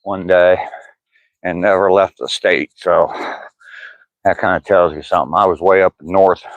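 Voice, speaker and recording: Low-voiced older man with Appalachian-tinged Ohio drawl. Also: steady tone, unhurried, no room sound, narrow, tinny audio. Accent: Southwest Ohio, Appalachian-tinged. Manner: easygoing, chatty, thinks aloud. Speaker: vlogger reading live chat. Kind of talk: casual live-stream chat while walking.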